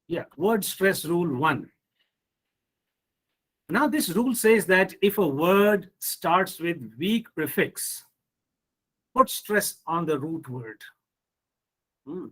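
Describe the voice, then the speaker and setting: A man leads a pronunciation lesson in a high, light voice. He talks slowly and patiently. He drills each word in a deliberate, repetitive way. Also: animated, fairly bright tone, rough recording. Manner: slow, repetitive drilling with frequent "hmm" and "you see". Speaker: English pronunciation teacher. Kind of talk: online lecture on word stress.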